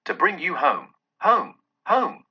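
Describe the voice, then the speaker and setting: A man's voice: wildly swooping pitch, takes it slowly, pushed and bright, slightly rough, full character voice. A man voicing a gleeful little girl who has come to bring her brother home. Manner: gleeful, high and light. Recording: dull lo-fi recording.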